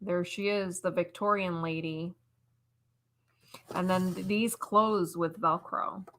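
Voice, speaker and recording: A woman co-hosting a live stream, describing items one by one in an unhurried way. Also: lowish voice, steady tone, fairly bright tone, a little hiss or hum. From United States. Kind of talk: live-stream item showcase.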